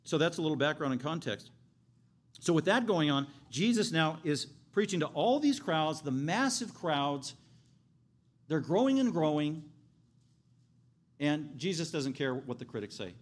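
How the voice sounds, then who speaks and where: A man's voice: a little high, animated, normal speed. A man preaching a sermon in an emphatic, rising and falling delivery. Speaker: pastor.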